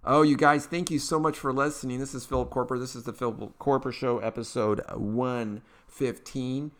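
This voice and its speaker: A man's voice: mid-range voice, steady tone, normal speed, a bit bright. A man from Eastern Kentucky with a Kentucky accent, hosting his own podcast in a chatty, folksy, upbeat way with plenty of fillers. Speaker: podcast host. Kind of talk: casual political commentary.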